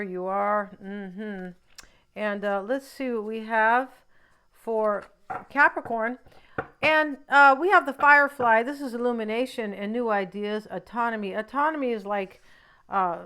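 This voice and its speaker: A woman talks through a tarot card reading in a loose, rambling way. She keeps adding a questioning "right?" and wanders off into little asides. Her voice is smooth and resonant, sitting a bit higher than most women's. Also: fairly bright tone. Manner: chatty, often ends thoughts with a questioning "right?". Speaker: tarot reader.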